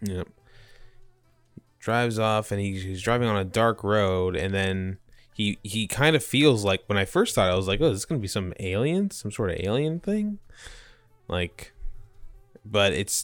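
A man's voice: on the low side, fairly bright tone, clean tone, no echo. A young man co-hosting a podcast, recapping a movie in rambling, jokey casual chat. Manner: rambling, jokey, quick to mock accents. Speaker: podcast co-host.

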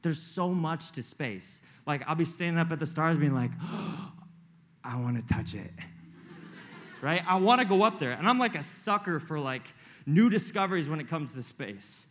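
A young man preaching a casual, joking sermon to a live group as a youth pastor, excitable and full of slang. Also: a little high, moderate pace.

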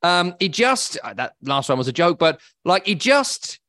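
A man's voice: high voice, sing-song, normal speed, sharp tone, no room sound, studio quality. A man co-hosting a casual football podcast, blunt, opinionated and wry. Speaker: podcast co-host.

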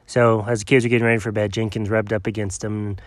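A man narrating an improvised story in a lively, playful way. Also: lowish voice, fast talker, noisy background.

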